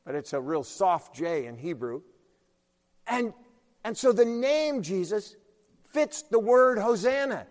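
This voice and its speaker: A man preaching a sermon, explaining patiently and rising loud when he quotes scripture. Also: high-pitched, very animated, takes it slowly, long pauses. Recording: long hall reverb.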